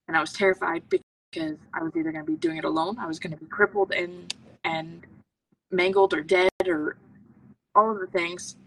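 Earnest low-voiced woman, far from the mic. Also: fairly even intonation, moderate pace, breathy edge. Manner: earnest, intense, full of self-talk. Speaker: podcast guest, medical intuitive. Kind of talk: personal storytelling in conversation. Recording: voice from a distance to the mic.

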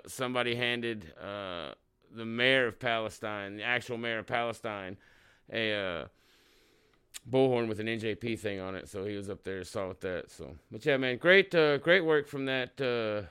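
A man from Oklahoma rants through his commentary, swearing freely and heatedly. His voice is bright and forceful, with a smooth, crisp clarity. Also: medium pitch. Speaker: show host. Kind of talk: ranting commentary on a clip.

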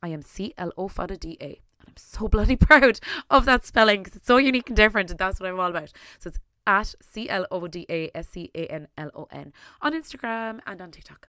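An Irish woman hosting her own podcast, talking alone in an excitable, gushing way and rushing her words out in bursts. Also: mid-range voice, no echo, studio quality. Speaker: podcast host. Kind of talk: solo podcast intro monologue.

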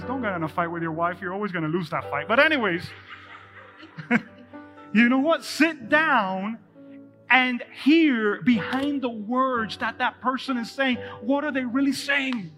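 A male pastor preaching to a live congregation in a church, his voice pitched high and ringing bright. He speaks with energy and turns often to address the people in front of him. Soft music plays faintly behind him. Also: moderate pace. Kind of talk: live sermon.

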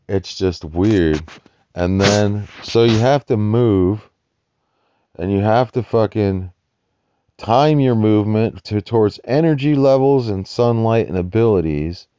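A man's voice: fairly low pitch, dark tone, highs cut off. A man ranting in a rambling, profane monologue about life as a nomadic homeless person. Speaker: vlogger describing homeless life.

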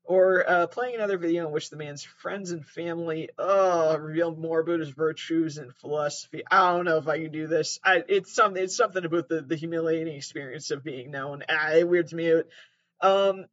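A man's voice: a little high, steady tone, fairly quick, fairly bright tone, highs cut off. A man sitting on his mattress at home, reading aloud and riffing in a rambling, sarcastic, self-deprecating way, with some swearing. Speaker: host. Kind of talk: casual commentary, reading aloud.

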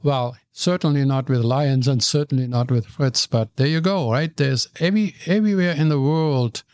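Animated older man. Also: mid-range voice, moderate pace, clean tone, no room sound. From Germany. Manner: animated storyteller, stumbles and repeats words. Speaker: guest. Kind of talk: storytelling in conversation.

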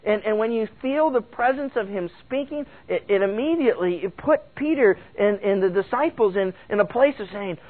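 A man with a high voice preaches a casual Bible sermon, breaking into quick restarts and little acted-out quotes. The sound is thin and phone-like, as if heard over a radio broadcast. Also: animated. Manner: conversational, with many restarts and quoted asides. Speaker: pastor.

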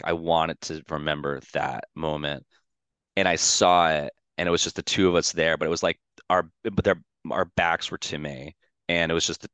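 A low-pitched man talks through a personal story in easy podcast chat, his voice smooth and resonant. He rambles with constant "like" fillers and speaks candidly, swearing now and then. The sound is close and dry. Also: fairly bright tone, no echo. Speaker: podcast guest.

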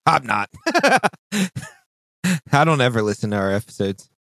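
A man co-hosting a podcast in casual chat, animated and profane, often jumping into mock voices. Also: unhurried, vocal fry, no room sound. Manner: animated, swearing, mimics voices with big pitch jumps. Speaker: podcast co-host.

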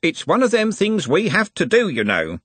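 A man's voice: high voice, huge pitch swings, moderate pace, a bit bright, husky, dry recording, voice pushed up, exaggerated voice. A man voicing a stern, self-important older servant in an audiobook. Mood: pompous. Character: pompous stern older male candle servant. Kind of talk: audiobook character voice.

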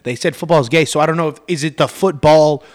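A young man hosting a casual chat, hesitant and often pausing on "um" before going on. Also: fairly high pitch, darkish tone, dry recording, clean studio sound. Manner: hesitant, full of "um" and trailing restarts. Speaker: podcast host.

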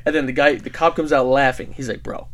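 Animated young man telling a story. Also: medium pitch, quick pace. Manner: animated, quotes people, laughs often, swears. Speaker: podcast co-host. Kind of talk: casual storytelling chat.

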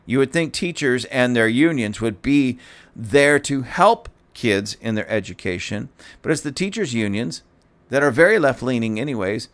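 A man's voice: medium pitch, lively intonation, normal speed. A man hosting casual political commentary, speaking to his audience, mocking and keeps breaking into laughter.

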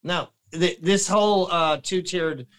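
A man with a somewhat high voice, chatting as a podcast guest. He rambles and talks in an animated way, often breaking off mid-sentence and starting over. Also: unhurried, rough recording. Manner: rambling and animated, with many restarts and throat clearing. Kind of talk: casual podcast chat.

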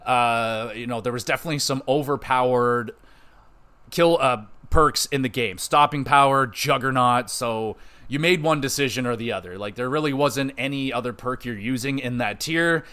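A man's voice: medium pitch, moderate pace, pushed and bright, smooth. A man hosting a podcast, chatting casually and enthusiastically about an old video game, swearing freely and rambling. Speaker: podcast host. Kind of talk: casual gaming podcast chat.

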